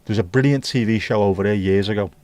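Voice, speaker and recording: A man's voice: on the low side, fast, darkish tone, dry recording. A British man hosting a casual livestream, reading out viewer comments and chatting about them in an opinionated, mildly profane way. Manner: reads viewer comments aloud and riffs on them. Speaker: livestream host.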